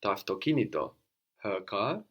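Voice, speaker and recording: A man leads a language lesson in a lowish voice. He explains patiently and keeps prompting his student to answer. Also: sing-song, normal speed, a bit bright. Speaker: language teacher.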